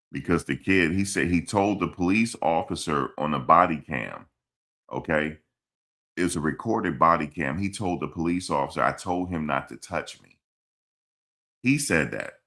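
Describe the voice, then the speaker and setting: A man hosts a casual live stream and answers chat comments. His voice sits extremely low and has a rough, gravelly fry. He talks bluntly and repeats himself as he scolds commenters. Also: expressive, unhurried, long pauses, sharp tone. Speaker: livestream host reading chat. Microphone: streaming mic.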